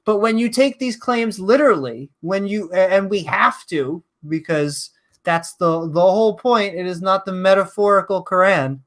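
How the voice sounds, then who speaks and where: A woman's voice: mid-range voice, normal speed. A woman with a Northeastern US accent co-hosting a casual reaction show, talking in a sarcastic, rambling way over an online call mic. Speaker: co-host.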